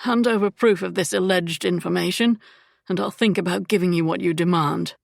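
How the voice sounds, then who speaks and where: A defiant young duke, held against a wall but refusing to back down, as a woman narrator takes him on. He speaks in strained, clipped demands, with a gravelly catch in the voice, and the read stays close and dry on the mic. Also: fairly low pitch, steady tone, brisk, dry recording. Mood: demanding. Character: young male duke, cornered yet defiant.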